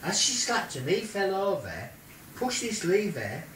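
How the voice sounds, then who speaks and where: Old grandad spinning a silly story, voice all over the place, echoey room, mic a way off. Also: male voice, unhurried, a little hiss or hum. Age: older. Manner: animated, jumps into squeaky quoted voices. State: ill. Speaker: grandfather telling a made-up story. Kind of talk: playful bedtime-style storytelling. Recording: roomy home video from a distance.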